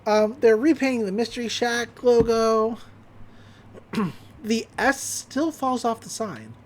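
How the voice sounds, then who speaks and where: Animated woman recapping a cartoon. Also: a little high, a little hiss or hum. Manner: animated retelling with quick character voices and laughs. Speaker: podcast host. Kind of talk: casual episode recap.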